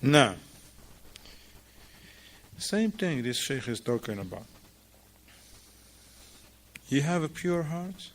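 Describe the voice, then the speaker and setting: A man's voice: a little high, very animated, takes it slowly, long pauses. A man teaching an informal religious class in a mosque, talking with his students, asking them questions and repeating their answers, in English that is not his first language.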